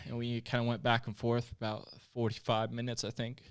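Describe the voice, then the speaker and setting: A man's voice: medium pitch, monotone, fairly quick, vocal fry, smooth, no room sound, studio quality. A man in his late twenties from Utah, a podcast guest telling a personal story in casual conversation, candid and plainspoken, with frequent swearing. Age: late 20s.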